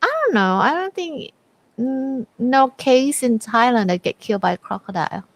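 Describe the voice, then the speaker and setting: A woman's voice: a little high, lively intonation, normal speed. A woman co-hosting a casual livestream chat from a studio, who chimes in with short questions and reactions. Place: studio in Bangkok.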